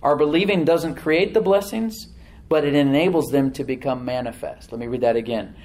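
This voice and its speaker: A male preacher giving a sermon in a folksy storytelling way, repeating key phrases for emphasis and moving from quiet asides to loud, emphatic lines. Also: a little high, moderate pace, poor audio.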